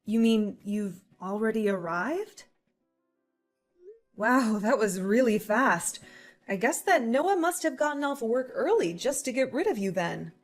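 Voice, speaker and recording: A woman voicing a calm, pregnant young wife who answers her sister-in-law with dry sarcasm, in a dramatized story. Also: fairly high pitch, unhurried, faint music behind. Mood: cool. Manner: cool, composed, dryly sarcastic. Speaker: voice actor.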